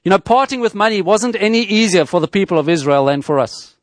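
A man's voice: sits high, lively intonation, no room sound. Man preaching in a dry close voice. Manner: measured teaching tone, with frequent restarts and rhetorical questions. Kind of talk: sermon.

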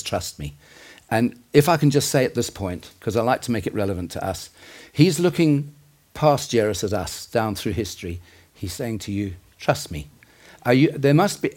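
A man delivers a sermon earnestly but conversationally, his voice medium in pitch and a little mellow. Asides and self-corrections run through his preaching.

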